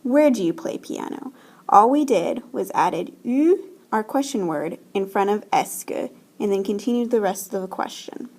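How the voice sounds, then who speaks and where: Husky woman teaching French slowly. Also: medium pitch, expressive, a little mellow. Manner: slow, careful explaining with modelled French phrases. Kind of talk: recorded language lesson voice-over. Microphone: screen-recording voice-over.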